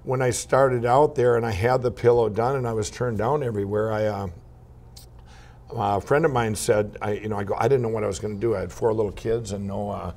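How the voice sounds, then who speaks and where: A man from Minnesota speaks as a guest in a studio interview, his voice low and full of gravelly fry. He tells his story in a loose, rambling way, stopping and restarting often and breaking into laughs as he goes. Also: steady tone, brisk, darkish tone. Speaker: guest entrepreneur.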